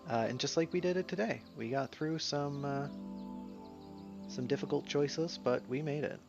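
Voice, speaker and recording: A man streaming a game in a relaxed, casual way, musing to himself as he plays. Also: on the high side, normal speed, gravelly. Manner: easygoing, mumbles to himself while playing. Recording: slightly dull sound, faint music behind.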